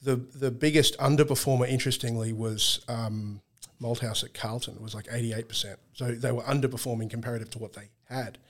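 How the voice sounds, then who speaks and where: A man's voice: medium pitch, steady tone, fairly quick. A man in a casual podcast chat, explaining team performance at length, often restarting sentences, with a dry sense of humor. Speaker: guest analyst on team performance.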